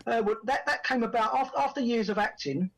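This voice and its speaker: Talking very fast in a very high voice, this actor-writer guest on a podcast recounts lively anecdotes from his acting days and performs the dialogue others said to him. The audio quality is poor.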